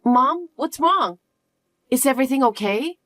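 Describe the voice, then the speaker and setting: A woman's voice: high voice, animated, unhurried, a bit bright, no echo, studio quality. A woman voicing a suspicious young adult daughter who questions everything in an incredulous, dismissive way. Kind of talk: dialogue story acting.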